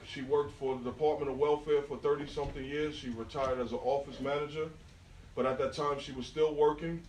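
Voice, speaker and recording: A mid-range voice belongs to a middle-aged man from New York, USA, who speaks with a New York accent as a guest speaker giving a storytelling artist talk. He tells lively street-slang stories and keeps checking in with the audience at the indoor venue. A distant phone mic across the room recorded it, leaving echo and slight background noise.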